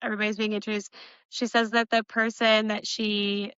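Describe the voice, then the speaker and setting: Bright-voiced chatty woman, lo-fi sound. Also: medium pitch, level tone, smooth, no room sound. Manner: chatty, quick to laugh, lots of "like". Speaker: podcast co-host. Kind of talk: book discussion podcast.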